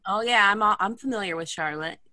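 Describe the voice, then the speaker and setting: A woman in casual group chat, curious and quick to react. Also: mid-range voice, bright, forceful tone. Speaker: panel guest.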